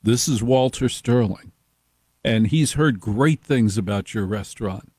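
A man imitating a smooth-talking, ingratiating middle-aged fixer who flatters everyone in a slow, deliberate way. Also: on the low side, no room sound, studio quality. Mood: smooth, flattering.

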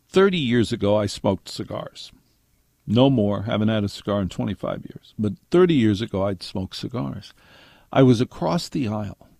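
Older male radio host, wry storyteller, gravelly voice. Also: medium pitch, a little mellow, no echo, studio quality. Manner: wry storytelling with acted quotes. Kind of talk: monologue to listeners.

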